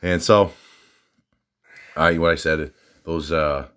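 A man's voice: very deep voice, steady tone, takes it slowly, fairly bright tone, smooth. A man with a Southern US accent, casually vlogging about his gym training, rambling with lots of fillers and restarts and a little out of breath. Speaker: fitness vlogger.

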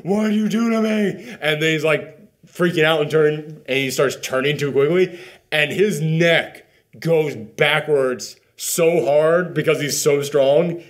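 A man's voice: fairly high pitch, a little slow. A man hosting a casual spoiler review, telling the plot with lots of "like" and acted-out bits. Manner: animated storytelling, many "like" fillers. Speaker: movie reviewer host.

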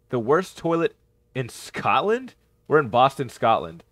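A man giving playthrough commentary on a horror game, reacting with excited yelps and shouts. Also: medium pitch, unhurried, dry recording, clean studio sound. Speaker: gaming YouTuber.

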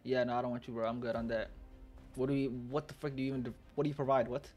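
A man reading a webtoon aloud as a reaction host, cutting in with excitable, profane outbursts and loud pleading. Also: mid-range voice, rapid-fire, faint music behind.

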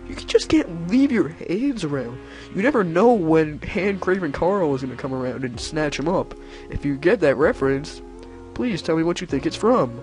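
A man narrating a game run with goofy, self-mocking chatter. His voice sits high and leaps even higher into squealing screams whenever things go wrong. Faint music plays underneath. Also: moderate pace. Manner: excitable, shrieking high-pitched yelps at failures; silly self-mocking banter. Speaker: gameplay commentator. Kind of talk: let's-play commentary.

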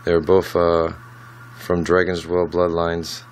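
A man talking casually about his lizards at home, softly cooing to them as he handles them on a handheld camera. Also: deep voice, monotone, slow pace, a little hiss or hum, poor audio. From United States. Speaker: reptile keeper. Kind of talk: casual vlog with pet updates. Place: at home among reptile enclosures.

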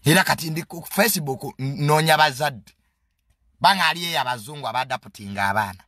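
A man's voice: on the high side, fast talker, pushed and bright, dry recording, clean studio sound. A man with a Ugandan accent giving a casual, comedic monologue in a mocking, boastful tone and mixing English phrases into his talk.

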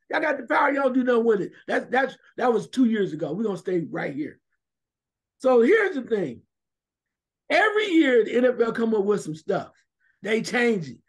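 High-pitched male radio co-host, loud, emphatic sports opinions. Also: breathy edge. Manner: animated, emphatic, shouts at times.

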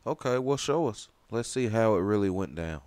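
A man's voice: on the low side, expressive, normal speed, a little mellow, no echo. Laid-back slangy man reacting to a game. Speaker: gaming channel host. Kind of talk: casual let's-play commentary.

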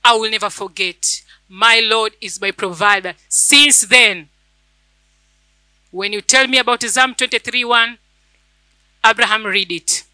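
A woman's voice: a little high, unhurried, pauses often, pushed and bright, smooth, no room sound, low-quality recording. A woman church elder, preaching a fervent sermon and telling a personal testimony, repeating phrases for emphasis.

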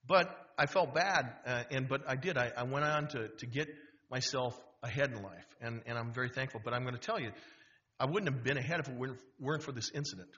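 A Wisconsin man in his fifties, with a medium-pitched voice and quick pace, is a guest speaker in a university auditorium. He tells a funny story animatedly, restarting often, and the auditorium recording sounds dull.

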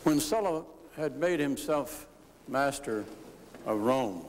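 An older man giving a formal historical lecture as a senator on the chamber floor, measured and deliberate with pauses. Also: mid-range voice, lively intonation. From United States. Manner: measured, deliberate delivery with frequent pauses and "uh" fillers. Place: legislative chamber. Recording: broadcast chamber audio with long reverb and faint noise.

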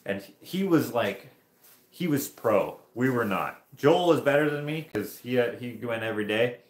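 A man with an expressive, mid-range voice hosts a livestream at normal speed, and the recording has a roomy echo. He tells a long, casual story in a rambling way, laughing and restarting often.

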